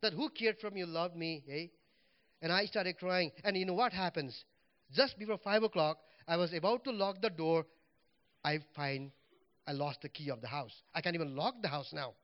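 Male preacher, high voice, animated testimony style, dull muffled audio. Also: normal speed. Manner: animated storytelling, voice swinging up and down as he relives moments. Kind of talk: personal testimony in church.

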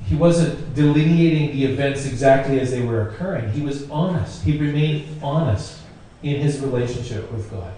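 A man's voice: medium pitch, warm tone. A man preaching a sermon in a conversational way, repeating phrases for emphasis. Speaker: pastor. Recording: very echoey room, distant mic, faint noise.

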